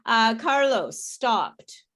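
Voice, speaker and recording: A woman teaching an English pronunciation class, modelling words slowly and patiently for students to repeat. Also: on the high side, big pitch swings, over a noisy crowd. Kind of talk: online group pronunciation class.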